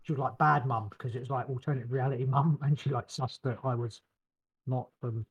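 A man's voice: mid-range voice, fairly even intonation, a little fast, slightly rough, highs cut off. A man co-hosting a podcast in casual chat, talking loosely with lots of fillers and blunt swearing. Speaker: podcast co-host.

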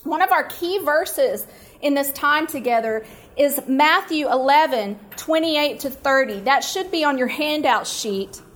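A middle-aged woman leading a women's conference breakout, teaching from scripture through a personal story told with animated, self-mocking humor. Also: high-pitched, a little slow. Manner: warm, animated storytelling, laughing at herself.

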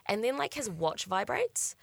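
A woman's voice: medium pitch, sing-song, a little slow, creaky, dry recording. A young woman, telling a candid story in casual chat, swearing and acting out quotes. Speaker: guest storyteller.

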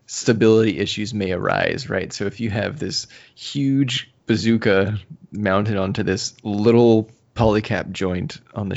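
A man's voice: lowish voice, vocal fry. A man co-hosting a podcast in casual chat, laughing often and restarting his sentences. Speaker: podcast co-host. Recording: muffled lo-fi audio.

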